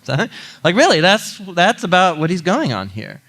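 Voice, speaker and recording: A man pastor giving a conversational sermon, telling a story with animated asides to the audience. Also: a little high, a little fast.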